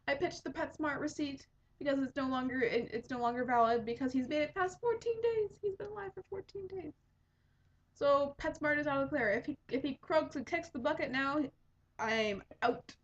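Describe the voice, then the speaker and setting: Young woman, podcast host, rambling casual chat, fairly high voice, muffled lo-fi sound. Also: brisk. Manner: rambling, chatty, many fillers. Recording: dull lo-fi home recording.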